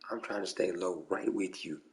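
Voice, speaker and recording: A man with a low voice chats casually with friends during an online game league at a moderate pace. His talk is slangy and repetitive, with "bro" and "come on" again and again.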